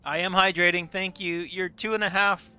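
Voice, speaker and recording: A man's voice: high voice, flat delivery, normal speed, sharp tone, smooth. A man chatting casually on his live game stream, laughing often and swearing freely.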